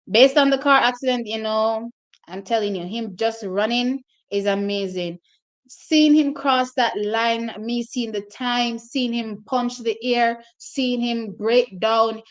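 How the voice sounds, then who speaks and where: A woman with a slightly high voice hosts her own track and field vlog, chatting loosely and directly to viewers about race results. She reacts to each one with open emotion.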